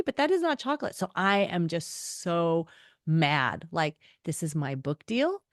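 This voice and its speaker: A middle-aged woman author, a guest on an interview, telling stories expressively and acting out quotes with big jumps in pitch. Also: animated, moderate pace, no room sound, studio quality. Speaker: author and podcast host, guest. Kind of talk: animated storytelling interview.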